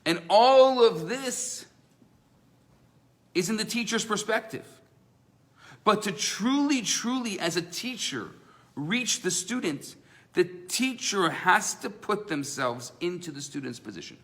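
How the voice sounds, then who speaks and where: A rabbi teaching a live class in a synagogue room. His voice sits a little high for a man, and he tells his stories with animated, acted-out quotes. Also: slow. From Canada. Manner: animated storyteller, acts out voices in his tales.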